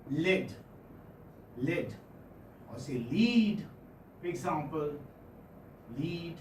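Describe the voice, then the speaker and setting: Extremely slow and animated, his voice on the high side, the middle-aged phonetics teacher coaxes his class through repetition and frequent check-ins. He has an Indian English accent, and the recording is echoey and distant with faint noise.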